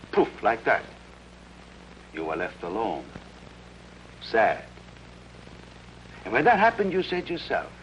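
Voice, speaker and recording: An actor playing a teasing, skeptical grocer in an old film, sarcastic and joking. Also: male voice, mid-range voice, a bit bright, a little hiss or hum, heavily acted, poor audio. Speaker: shopkeeper. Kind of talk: 1950s film acting.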